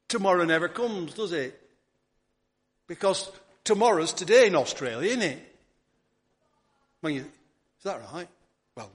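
A man preaching a sermon, earnest, often repeating words and restarting, dropping softly on key words. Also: a little high. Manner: drops to a soft near-whisper on key words.

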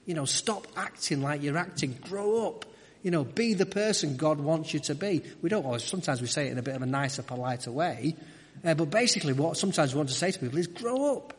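A man preaches in a church, his speech chatty and full of asides and restarts. His voice sits fairly high for a man. The sound rings with the long reverb of a large hall. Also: animated, quick pace, slightly rough. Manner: conversational, frequent restarts and asides. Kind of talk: sermon.

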